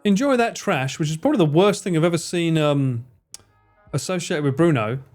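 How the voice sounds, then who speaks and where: A man's voice: fairly high pitch, normal speed, faint music behind. A man chatting casually to his live-stream audience while gaming, joking around and swearing freely. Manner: jokey, animated, swears freely.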